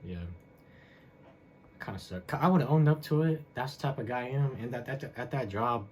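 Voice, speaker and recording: A young male podcast host tells a story solo in a loose, rambling style packed with fillers and slang. His mid-range voice is a little mellow with lively intonation and a moderate pace, and there's slight hiss or hum in the background.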